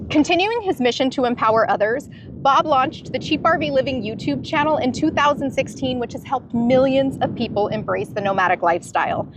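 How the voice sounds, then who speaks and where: A woman with a fairly high voice reads an introduction and asks interview questions. She sounds earnest and admiring, with a faint hiss behind her. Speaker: interviewer and narrator.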